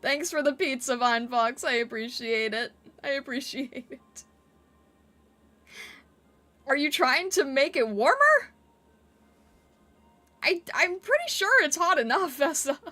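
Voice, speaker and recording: A woman's voice: sits high, expressive, takes it slowly, pauses often, bright, forceful tone, faint music behind. A woman streamer chatting casually with her viewers on a live stream, giggling often as she reacts to their comments. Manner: giggly, playfully reacting to chat.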